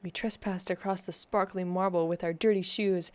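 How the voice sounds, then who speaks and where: A woman's voice: on the low side, normal speed, hardly any pauses, darkish tone. A woman streamer reading game text aloud in a let's play, wry and chatty, often breaking into giggles. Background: game music.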